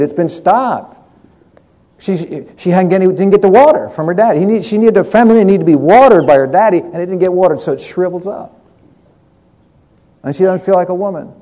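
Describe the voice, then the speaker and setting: A man's voice: on the high side, mellow. A middle-aged man preaching a sermon, telling stories from his counseling in an earnest way, often repeating words as he goes.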